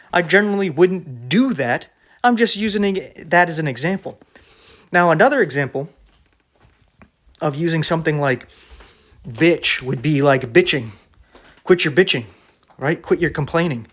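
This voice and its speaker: A man preaching straight to his viewers in a casual, conversational way. His voice sits a little high for a man. He argues bluntly and keeps tagging his points with a quick "right?". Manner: blunt, argumentative.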